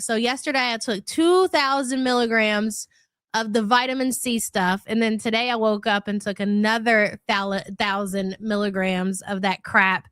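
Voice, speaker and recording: This woman's voice sits on the high side, fairly bright, clear and resonant, in clean studio sound with no echo. She hosts a casual livestream despite a cold, chatting away while welcoming each viewer by name and calling them hun.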